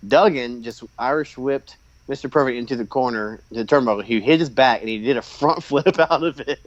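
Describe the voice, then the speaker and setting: A man co-hosting a podcast, chatting casually while watching wrestling and reacting with excited outbursts and frequent laughter. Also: medium pitch, a little fast. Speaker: podcast co-host. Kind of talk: casual watch-along chat. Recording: dull lo-fi recording.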